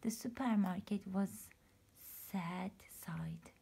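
A woman teacher reading a children's picture book aloud, often in a soft, near-whispered narrating voice. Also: medium pitch, slow pace, vocal fry, slightly rough. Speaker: preschool teacher.

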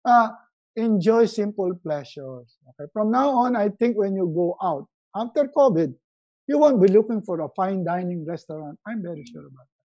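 A middle-aged man giving a motivational webinar talk, acting out quotes in a raised, animated voice. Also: high voice, moderate pace, dull audio. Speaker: motivational speaker.

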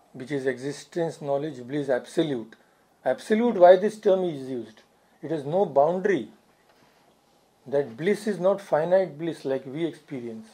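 A man's voice: on the high side, warm tone. A man giving a spiritual talk as a swami, earnest, repeating phrases for emphasis. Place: society hall.

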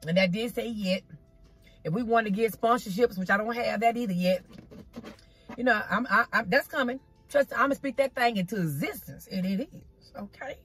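A woman's voice: fairly high pitch, husky. A woman talking casually to her viewers while eating, outdoors in a parking spot and recorded on her phone, folksy and chatty, often calling them "y'all" and "child". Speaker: vlogger eating on camera. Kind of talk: casual chatty mukbang vlog. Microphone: phone camera.

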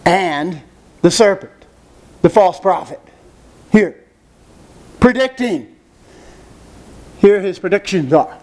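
Male preacher, high voice, emphatic sermon delivery with rhetorical questions. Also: expressive, slow pace, long pauses, darkish tone. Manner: emphatic, asks rhetorical questions, repeats phrases.

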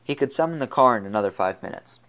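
A man reading a science fiction novel aloud as narrator, in an even, unhurried storytelling manner. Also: medium pitch. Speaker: audiobook reader. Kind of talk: scripted narration.

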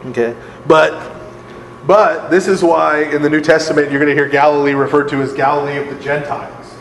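A man's voice: a little high, steady tone, brisk, echoey room, in a large hall, slight background noise, rough recording. A man, a priest, leading a live Bible study for a group, conversational and often laughing, checking in with his listeners. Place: large hall with a live group.

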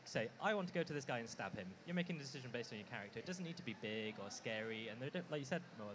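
A man on a live convention panel, speaking hesitantly with many uhs. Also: mid-range voice. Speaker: panelist and player. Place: on stage at a comic convention panel. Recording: noisy live panel recording.

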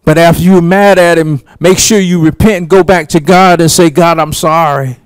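A man preaching a sermon, slow and emphatic, with long pauses between phrases. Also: high voice, fairly even intonation, clear, resonant tone, no room sound. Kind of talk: sermon teaching.

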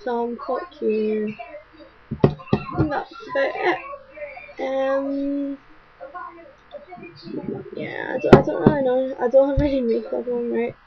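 A young woman with a Scottish accent, rambling through chatty webcam shout-outs to followers at home, talking fast. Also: sits high, fairly even intonation, over a noisy crowd. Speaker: vlogger. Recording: dull lo-fi webcam audio.

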